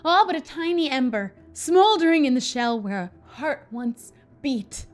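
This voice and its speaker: A woman's voice: lively intonation, unhurried, faint music behind. Woman doing a brooding grief-hardened widower. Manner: low, solemn, dramatic.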